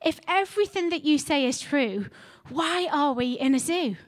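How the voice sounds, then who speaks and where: A curious young male baby camel, as a woman puts him on, pipes up high and eager. His voice sits well above her own and keeps pressing with one question after another. It is told like a storybook fable. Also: expressive, moderate pace.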